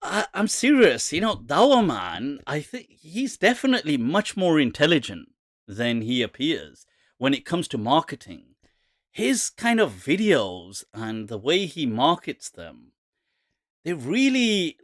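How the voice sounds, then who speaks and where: A man hosting a casual live Q&A, animated and mocking, laughing often. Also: fairly high pitch, unhurried, no room sound, studio quality. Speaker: host.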